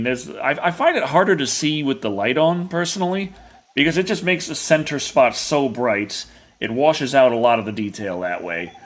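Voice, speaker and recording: A man's voice: medium pitch, a bit bright. A young adult man streaming a hunting game, rambling and jokey in casual commentary.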